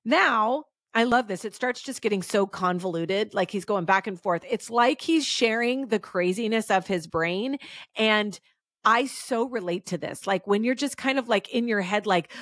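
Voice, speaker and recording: A woman hosting a faith teaching podcast, chatty and animated, her voice jumping up in pitch when she stresses a point. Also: normal speed, no room sound, clean studio sound. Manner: chatty with frequent fillers. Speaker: podcast host and author.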